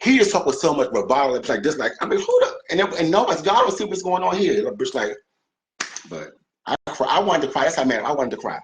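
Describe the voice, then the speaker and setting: Animated man with a lively voice. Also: on the high side, fast talker, slight background noise, rough recording. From Washington D.C. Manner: animated, emphatic, profane, repeats words. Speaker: guest. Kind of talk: casual interview chat.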